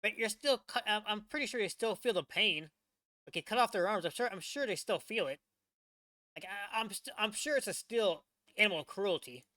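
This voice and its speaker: A man casually reacting to a video, rambling and excitable as he talks. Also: high voice, normal speed, no room sound. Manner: rambling, excitable, many restarts. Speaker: reaction channel host.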